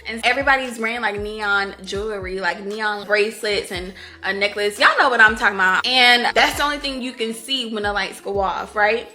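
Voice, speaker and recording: A woman's voice: medium pitch, pushed and bright. A young woman chatting casually to her viewers in a book review vlog, giggly and gushing, calling them y'all and honey.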